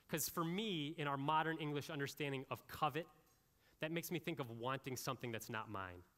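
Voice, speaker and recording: A male pastor preaching a sermon, with animated, conversational delivery and frequent asides to the congregation. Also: mid-range voice, in a large hall.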